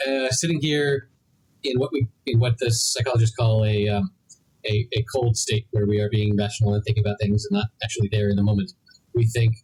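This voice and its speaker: A man's voice: on the low side, fairly even intonation, brisk, darkish tone, rough recording. A young adult man co-hosting a podcast, chatting casually and rambling through his points with many restarts. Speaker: podcast co-host. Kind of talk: casual chat.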